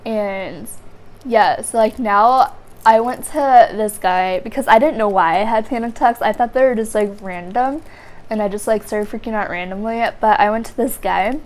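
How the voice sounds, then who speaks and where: A woman's voice: a little high, moderate pace, a little mellow. A young woman vlogging, telling a story casually to her viewers in a rambling way full of "like" fillers. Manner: rambling, heavy use of "like" fillers.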